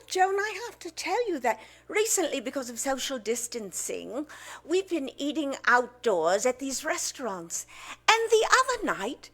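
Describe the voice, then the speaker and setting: A woman impersonating a chatty celebrity wife telling a dinner anecdote. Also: high voice.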